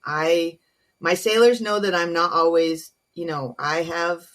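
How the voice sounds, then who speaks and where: A woman who is both a naval officer and a comedian speaks frankly and earnestly as a podcast guest in a candid conversation, dropping in many "um" and "you know" asides. Her voice sits on the low side with a steady, fairly bright tone, and she talks a little slowly.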